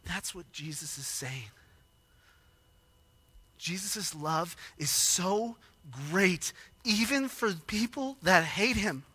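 Bright, high-voiced man preaching with passion. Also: takes it slowly, pauses often, breathy edge. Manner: animated, emotional preaching with loud dramatized quotes. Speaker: pastor. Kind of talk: sermon.

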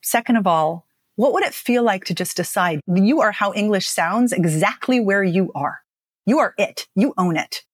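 A woman speaking as a speech and dialect coach, explaining with emphatic, lively phrasing and frequent "right?" checks. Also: mid-range voice, normal speed, dry recording, studio quality. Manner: animated, emphatic, lots of "right?". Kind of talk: podcast interview guest.

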